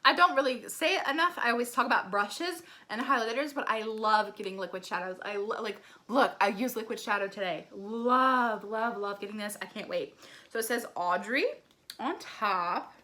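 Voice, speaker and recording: A woman beauty vlogger gushing through an excited unboxing, gasping often and filling her talk with "like" and "oh my gosh.". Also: fairly high pitch, normal speed. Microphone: ring light setup, desk camera.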